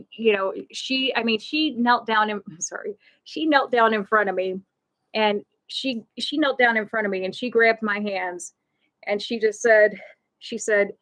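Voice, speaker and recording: A woman speaks on a live stream in a voice of ordinary middle pitch. She tells a personal story haltingly, stumbling over and repeating her words. Emotion sits close under the surface, though she laughs through it. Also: rough recording. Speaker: host.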